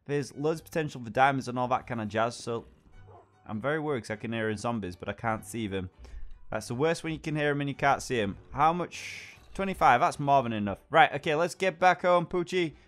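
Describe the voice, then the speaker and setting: A young man chatting excitably as he plays a game, talking to his pet along the way. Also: mid-range voice, a little fast, soft background music. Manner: chatty and excitable, talks to his pet dog, exclaims at surprises. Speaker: gaming channel host. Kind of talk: let's play commentary.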